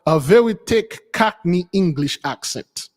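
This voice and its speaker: Guy hosting, kinda high voice, lots of uhs, stop-start talk, echoey hall sound. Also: expressive, a little mellow. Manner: halting, many fillers, trails off. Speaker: channel host. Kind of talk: casual talk with an AI.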